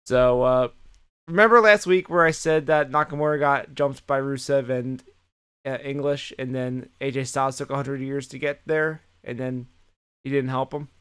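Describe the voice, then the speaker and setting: A man co-hosting a podcast, swearing freely in an animated, casual recap of the week. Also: mid-range voice, normal speed, smooth. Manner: animated retelling, heavy swearing. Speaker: podcast co-host. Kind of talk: casual chat recapping wrestling.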